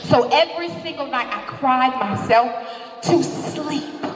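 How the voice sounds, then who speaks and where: A woman's voice: high voice, measured pace. A woman giving a passionate, candid motivational speech as a guest speaker, live before an audience in a large hall. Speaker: guest speaker at a women's seminar. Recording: echoey hall from far off.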